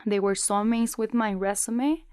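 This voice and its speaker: Young woman, animated storyteller, fairly high voice, dry sound. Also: moderate pace, clean tone, dry recording. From Mexico. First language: Spanish. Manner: animated storyteller, frequent restarts. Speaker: guest. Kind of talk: casual interview chat.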